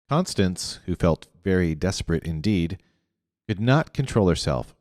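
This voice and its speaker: Deep-voiced man reading a novel aloud. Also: animated, measured pace, a little mellow, dry recording, clean studio sound, long reverb tail. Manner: restarts and corrects himself mid-phrase. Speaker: reader.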